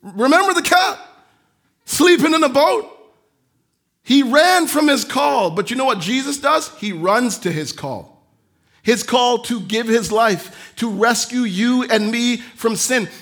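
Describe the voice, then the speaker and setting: A man preaching a sermon in a high voice, taking his time over each phrase. He acts out the voices he quotes and swings from loud emphasis to quiet, soft asides. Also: animated, unhurried. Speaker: pastor.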